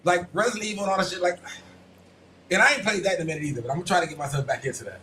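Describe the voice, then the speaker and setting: A man talks fast in a loose, rambling podcast chat, piling up fillers as he goes. His voice sits a bit high, and a faint hum of the room carries underneath. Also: sharp tone, rough recording. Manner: rambling, full of "like" and "you know what I'm saying". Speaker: podcast co-host. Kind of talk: casual chat about video games.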